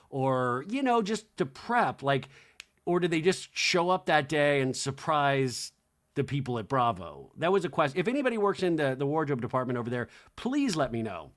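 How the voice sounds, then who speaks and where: A man's voice: a little high, normal speed. A man hosting a podcast, riffing comedically on a reality-TV episode with lots of impressions and "like". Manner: animated, jokey, full of impressions and "like". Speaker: podcast host. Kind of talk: comedic TV recap monologue.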